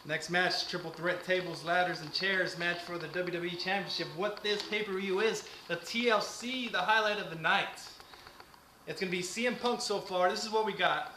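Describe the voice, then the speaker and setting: A man with a high, bright voice reads out a wrestling card in an announcer-like way before giving his picks. The sound is echoey with a faint hiss of noise behind it, and his pitch rises well above most men's. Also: steady tone, normal speed. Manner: announcer-like, reads out match cards. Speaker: co-host. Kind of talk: casual wrestling prediction chat.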